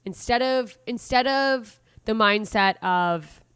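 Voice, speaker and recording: A woman's voice: on the high side, slow pace, a bit bright, clean tone, no echo, studio quality. A woman hosting a solo podcast, talking casually and rambling, correcting herself as she goes and acting out inner voices. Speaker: podcast host.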